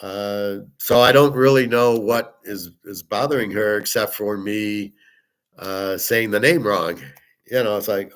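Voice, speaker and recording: A rather low-voiced man talks in a loose, rambling monologue. He is blunt and profane and wanders from one aside to the next, like a show host chatting off the cuff. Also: fairly even intonation, unhurried, fairly bright tone. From United States. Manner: blunt, profane, digressive storytelling. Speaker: sports betting podcast host.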